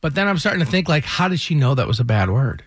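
A man co-hosting a morning radio show, telling a story in an animated way and laughing as he goes. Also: on the high side, fast talker, no echo, studio quality. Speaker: radio co-host. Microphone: studio microphone.

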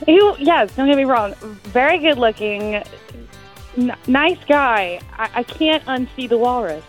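A woman's voice: a little high, animated, slow pace, faint music behind, low-quality recording. Hesitant female radio caller. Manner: laughing, hesitant storytelling with many ums and likes. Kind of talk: phone call on radio.

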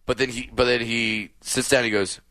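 A man's voice: medium pitch, fairly even intonation, normal speed, sharp tone, no room sound. A man, a comedian, chatting as a guest in an interview, telling stories with lots of restarts. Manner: rambling storyteller, many restarts and laughs. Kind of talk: casual interview chat.

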